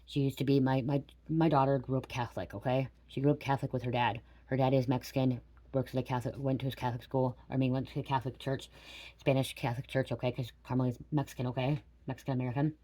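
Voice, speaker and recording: A middle-aged woman with a rumbling low, mellow voice speaks quickly and levelly while giving a casual spiritual reading to camera as a tarot reader. She rambles, swears bluntly, and keeps checking in with "okay?".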